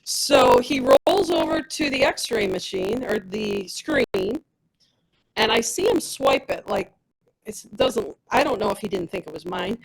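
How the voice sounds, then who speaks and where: A woman with a gravelly, husky voice tells her personal story as a product rep. Her pitch swings widely as she acts out every exchange, keeping a lively storyteller's energy throughout. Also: measured pace, rough recording. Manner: animated, reenacts dialogue with others. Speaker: testimonial speaker, product rep.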